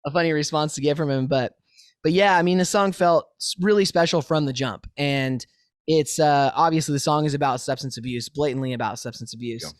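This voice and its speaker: A male musician being interviewed over a remote call from his home studio, telling stories in a lively, easily laughing way. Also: on the high side, brisk, dry recording. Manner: animated storyteller, laughs easily. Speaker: musician guest. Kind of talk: casual interview chat.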